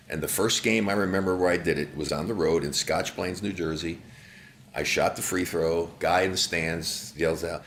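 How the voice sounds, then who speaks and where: A man's voice: sits low, a little fast, creaky, fairly bright tone, slight background noise. An older man, a former basketball player, telling stories in an interview with a blunt, heated manner. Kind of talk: interview storytelling.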